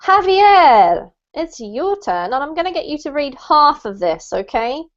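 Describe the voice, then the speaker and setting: A woman's voice: sits high, big pitch swings. Woman english teacher on a video call, encouraging, kinda muffled lo-fi sound. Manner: encouraging, slows to model words. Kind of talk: online language class.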